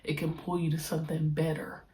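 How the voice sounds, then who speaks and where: Young woman podcaster, deep low voice, laid-back slangy monologue, drags out words. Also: flat delivery, dark tone. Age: young adult. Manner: slangy, stretches key words slowly. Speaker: podcast host, pro basketball player. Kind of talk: casual reflective monologue.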